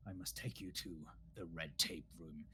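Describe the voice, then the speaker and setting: A man voicing a gruff hobgoblin captain, speaking low and solemnly in a tabletop game. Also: fairly even intonation, moderate pace, pushed and bright, exaggerated voice. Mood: grave welcoming.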